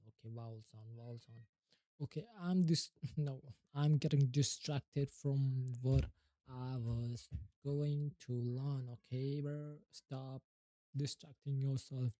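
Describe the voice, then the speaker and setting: A man practices English pronunciation live, repeating each word again and again under his breath. His voice is very dark and unhurried. The sound is close and dry with no room echo. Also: medium pitch. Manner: repeats single words over and over, muttering. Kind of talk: casual live practice, talking to himself.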